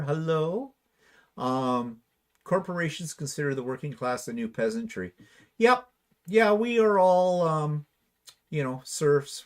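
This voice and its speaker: A man with an ordinary mid-range voice chats casually on a livestream over a video call mic. He reads viewer comments aloud and answers them with dry, wry jokes. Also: mid-range voice. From Canada. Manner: wry, dry humor, chatty. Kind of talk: casual chat.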